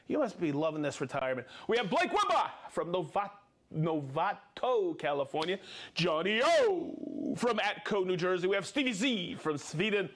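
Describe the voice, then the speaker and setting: A man's voice: high voice, very animated, normal speed, fairly bright tone. A man hosting a casual live stream, upbeat and joking as he reads out viewer names. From United States. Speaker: livestream host.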